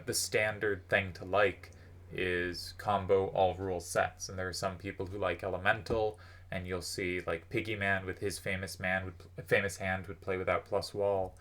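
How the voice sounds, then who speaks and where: Low voiced dude rambling about old card game players, loose and chatty with lots of ums. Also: male voice, a bit bright. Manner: conversational, thinking aloud with many fillers. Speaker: host. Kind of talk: casual commentary on game history.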